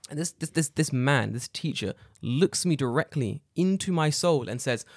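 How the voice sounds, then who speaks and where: A man chatting on a podcast in a lively, swinging voice that sits a little high. He rants freely and swears often, and the sound is dry and close. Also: moderate pace, few pauses, dry recording. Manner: animated, swearing ranting storyteller. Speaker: podcast co-host. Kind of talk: casual podcast chat.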